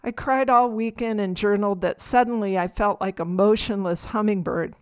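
A middle-aged woman reading her memoir aloud in a measured, reflective storytelling manner. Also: medium pitch, clean tone, no room sound. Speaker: memoir narrator.

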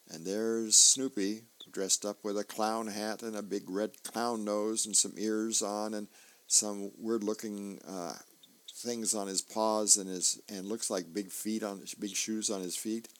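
A man hosting a radio show, reading and describing comic strips aloud in a slow, descriptive way with fillers. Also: on the low side, fairly even intonation, fairly bright tone. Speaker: radio host.

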